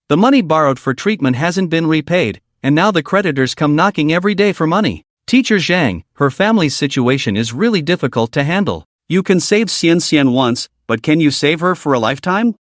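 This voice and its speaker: A man's voice: a little high, lively intonation, brisk, hardly any pauses, no room sound, studio quality, lightly acted. A man voicing a weary, cautious village leader in a storybook recap, giving earnest warnings. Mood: worried.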